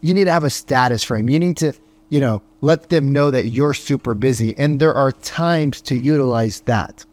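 A man's voice: mid-range voice, darkish tone. A man talking as a sales coach, firing off rhetorical questions and tagging his points with "right?". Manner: punchy rhetorical questions, frequent "right?" tags; acts out phone calls in quick voices. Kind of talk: motivational podcast monologue.

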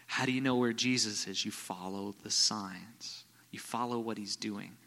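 A man preaching a sermon as a visiting pastor, telling stories and swinging from quiet, low passages to loud, excited bursts. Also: normal speed, big-room sound. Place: church.

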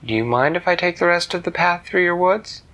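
A man's voice: high voice, brisk, bright, forceful tone, slight background noise, voice pushed up. A man voicing a brave, curious little girl who asks earnest, polite questions.

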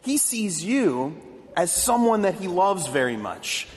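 A man voicing a calm, gentle Christian man offering to pray for a stranger. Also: high-pitched, takes it slowly, exaggerated voice. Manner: gentle, unflustered. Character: calm, kindly Christian man who prays. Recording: long hall reverb.

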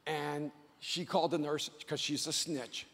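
A man giving a motivational speech to a live audience, loud and emphatic, often near a shout, with slow dramatic phrasing. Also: a little high, steady tone, long reverb tail. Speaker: motivational speaker.

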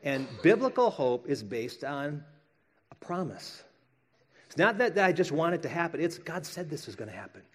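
A man's voice: fairly high pitch, sing-song, normal speed, fairly bright tone, breathy edge. Conversational man preaching a sermon. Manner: conversational, acts out quoted voices with jokes. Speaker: pastor.

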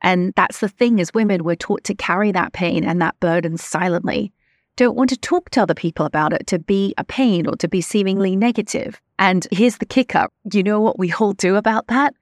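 A woman hosting a solo podcast, talking in an earnest, reflective and measured way. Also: medium pitch, no room sound, clean studio sound. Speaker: podcast host.

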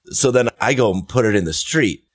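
A man hosting a podcast, telling stories in a loose, animated way and swearing casually. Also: mid-range voice, a little fast, slightly rough. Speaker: podcast host. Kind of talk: casual chat.

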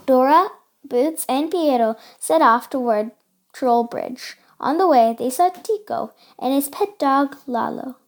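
A woman's voice: high voice, measured pace. A woman reading a children's storybook aloud, carefully and with small slips. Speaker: storybook reader.

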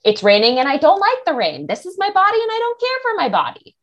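A woman body image coach answering interview questions in a casual, animated way, acting out the thoughts of others. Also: extremely high pitch, fast, dull audio. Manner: animated, acts out quoted thoughts.

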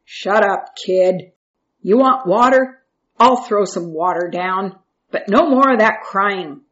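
Sneering bully brother voiced by a woman, slow and taunting; storybook reading, dull lo-fi sound. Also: medium pitch, a little mellow, close to an everyday voice. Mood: mocking. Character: mocking bullying older brother.

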